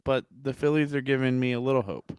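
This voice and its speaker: A man with an average male pitch co-hosting a sports podcast. He sounds gloomy and curses casually, hedging with fillers as he goes. The recording is dry and close. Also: fast, a little mellow, clean tone, no room sound. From Philadelphia area. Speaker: podcast co-host.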